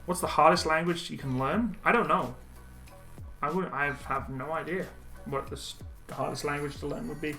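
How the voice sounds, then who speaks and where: A young man casually reading and answering viewer chat on a live stream, relaxed and chatty with frequent ums and laughs. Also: fairly high pitch, normal speed, faint music behind.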